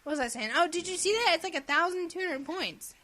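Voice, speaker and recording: A woman co-hosting a casual gaming podcast, giggly and animated, who often acts out silly voices. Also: very high voice, fast talker. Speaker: podcast co-host.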